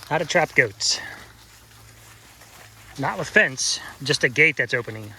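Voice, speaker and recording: A man's voice: medium pitch, lively intonation, a little slow, long pauses, bright, forceful tone, a little hiss or hum. A man on a farm talking to his goats in a doting, teasing sing-song, coaxing them through a gate out in the pasture. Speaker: farmer and vlog host. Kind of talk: casual vlog talk to animals.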